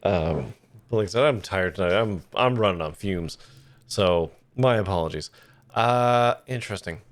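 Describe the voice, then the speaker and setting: A man's voice: low-pitched, moderate pace. A tired man giving casual commentary as he streams a video game, rambling, joking at his own expense and often hesitating. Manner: rambling, self-deprecating, hesitant. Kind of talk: casual let's-play commentary.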